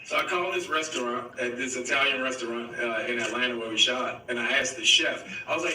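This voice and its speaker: A man telling an animated anecdote at a press event, mimicking other people's voices as he goes. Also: medium pitch, brisk, hardly any pauses, reverberant, far from the mic, noisy background.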